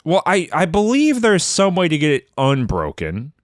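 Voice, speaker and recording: A man's voice: a little high, moderate pace, dry recording. Playful man recounting a game, dry sound. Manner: playful, animated storytelling. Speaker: podcast co-host. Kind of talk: casual gaming chat.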